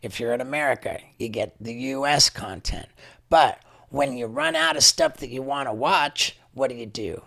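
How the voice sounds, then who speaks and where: A man hosting a podcast, bluntly joking with his guest and then rolling into a sponsor pitch. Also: very animated, normal speed, creaky, bright, forceful tone. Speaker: podcast host. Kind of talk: casual chat and ad read.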